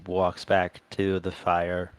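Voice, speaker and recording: Low voiced guy playing his character, really slow and measured, dry. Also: completely flat delivery, smooth, no echo, faint music behind. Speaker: player. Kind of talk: in-character tabletop play.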